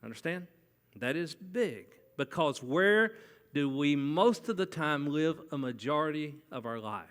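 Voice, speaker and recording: Male pastor, fairly high, bright tone, chatty preaching, church reverb. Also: expressive, unhurried. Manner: conversational, asks the congregation questions. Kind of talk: sermon. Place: church sanctuary. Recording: long church hall reverb.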